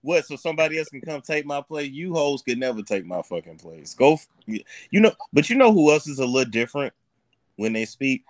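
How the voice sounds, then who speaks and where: A man's voice: medium pitch, very animated, fairly quick, no echo. A man calling in as guest on a talk show, flamboyant, defiant and profane. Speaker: caller, guest. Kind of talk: casual chat by phone.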